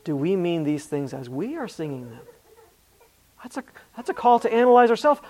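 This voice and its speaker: A man's voice: a little high, expressive, moderate pace, darkish tone. A man preaching a sermon, reading scripture aloud with earnest emphasis and often restarting his phrases. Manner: repeats words and restarts mid-phrase.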